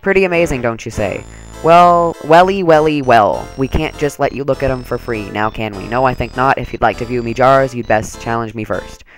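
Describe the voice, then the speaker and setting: A man's voice: medium pitch, moderate pace, faint music behind, close to an everyday voice, rough recording. A man voicing a cocky male ghost who shows off his jar collection, in a taunting, mock-showy manner.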